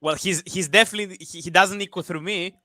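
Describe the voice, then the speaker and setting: A man's voice: sits high, fast, pushed and bright, no echo. A man co-hosting a casual stream, talking hesitantly with lots of fillers. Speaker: stream co-host.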